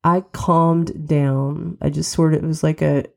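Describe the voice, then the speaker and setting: A woman's voice: low-pitched, little pitch movement, measured pace, vocal fry. A middle-aged woman from West Virginia, candidly telling a personal story on her podcast while getting over a cold. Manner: candid, reflective, wry laughs. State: has a cold, occasional cough. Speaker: podcast host.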